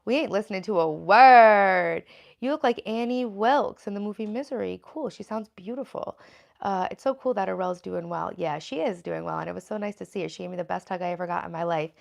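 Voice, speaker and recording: A woman's voice: mid-range voice, quick pace, creaky, a little mellow. A woman hosting a casual livestream, chatting loosely with many fillers and reading viewer comments aloud. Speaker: livestream host.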